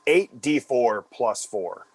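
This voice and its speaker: A man's voice: mid-range voice, expressive, slow pace, breathy edge. A man at a tabletop game, answering rule questions in a matter-of-fact way. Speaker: player.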